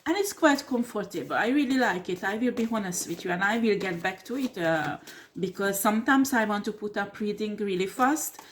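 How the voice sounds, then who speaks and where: A woman's voice: medium pitch, animated, brisk, a little hiss or hum. Blunt, swearing woman tarot reader. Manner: blunt, combative, swears and laughs scornfully; repeats "do you understand?" and "okay?". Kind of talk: tarot reading monologue to camera.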